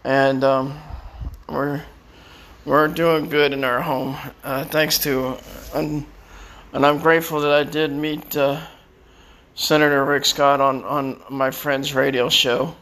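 A man's voice: on the high side, level tone, slow, fairly bright tone. A man rambling through personal stories in a casual way, repeating words and chuckling as he goes. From Florida. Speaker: storyteller.

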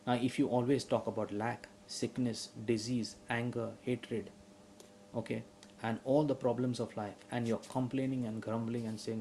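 Male preacher, warm timbre, emphatic sermon delivery that builds in volume. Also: mid-range voice, little pitch movement, moderate pace, a little hiss or hum, poor audio. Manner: rising to loud emphatic preaching; asks the audience questions.

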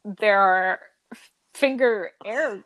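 A woman co-hosting a podcast in a casual chat with a friend, playful and quick to laugh. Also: mid-range voice, a bit bright. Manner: giggly, playful, laughs often. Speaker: podcast co-host.

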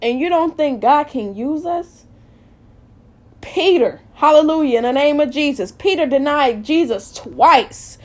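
Woman, high voice, impassioned informal sermon, repetitive, loud then soft. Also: animated, measured pace. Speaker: preacher.

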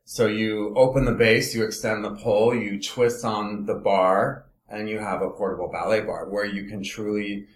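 A man's voice: lowish voice, fairly even intonation, normal speed, hardly any pauses, echoey room. A man from Los Angeles, a dance company director, explaining his product in a casual interview chat, enthusiastic and step by step.

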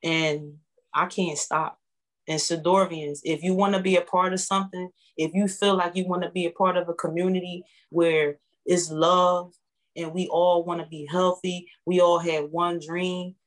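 A woman speaking, giving an emotional, heartfelt testimonial as a guest, animated and repeating herself for emphasis. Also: fairly low pitch, low-quality recording. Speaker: guest, network marketing member.

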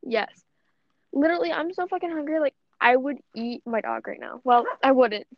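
A woman's voice: high voice, expressive, normal speed, no echo. A young woman co-hosting a podcast, chatting casually and rambling, swearing often and saying "like" constantly. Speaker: podcast co-host. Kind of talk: casual chat. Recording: dull, lo-fi audio.

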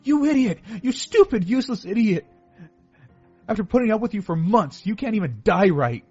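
A man voicing a furious young woman, a knife-wielding cultist, in a high, strained shriek. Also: animated, normal speed, a little mellow, slightly rough, lo-fi sound, soft background music.

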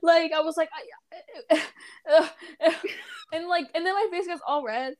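High-voiced, stuttering teenage girl. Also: slow. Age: teens. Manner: nervous, stutters, filler-heavy. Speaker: podcast co-host. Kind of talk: casual chat.

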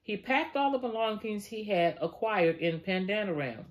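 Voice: medium pitch, animated, moderate pace. A Bible study teacher reading scripture aloud and breaking off for casual, conversational comments. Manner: conversational asides, frequent fillers.

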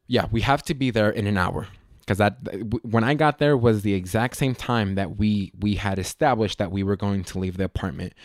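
A man with a fairly low voice tells a comic story in a loose, animated way. He mocks himself, swears freely and keeps restarting his sentences. The sound is dry, with no room echo. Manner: animated, profane, self-mocking, frequent restarts.

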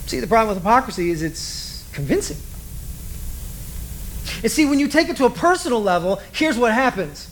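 A man's voice: very high voice, sing-song, quick pace, a little hiss or hum, poor audio. A man preaching a sermon as a pastor, talking animatedly and acting out little asides.

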